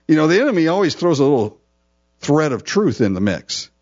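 A man's voice: fairly high pitch, darkish tone. A male pastor teaching a sermon, reading verses and explaining them in a casual, conversational way. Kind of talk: expository sermon. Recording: dull lo-fi recording.

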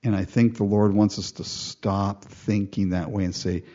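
A man preaching with lots of energy, voicing prayers as if speaking them himself and chuckling along the way. His voice is a little husky, and the recording sounds dull and muffled. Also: on the low side, normal speed, few pauses. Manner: animated, acts out quoted prayers, laughs often. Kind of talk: sermon.

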